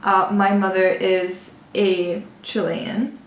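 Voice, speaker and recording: Young woman, chatty book vlog, animated, restarts sentences, mid-pitched, roomy echo. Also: slow. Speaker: beauty and book vlogger. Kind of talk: casual book review while doing makeup. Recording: echoey room.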